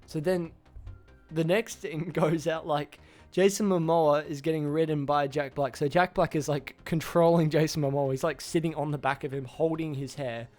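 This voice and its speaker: A man's voice: on the high side, steady tone, moderate pace, darkish tone, soft background music. A man casually recapping a film's plot for his channel, rambling, restarting names and acting out the characters' lines. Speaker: YouTuber reviewing a film.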